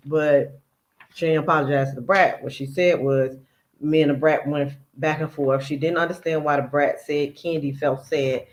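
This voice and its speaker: A man's voice: a little high, fairly even intonation, normal speed, poor audio. A man hosting a casual reaction commentary, chatty and picking apart another person's words as he quotes them. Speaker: commentary channel host.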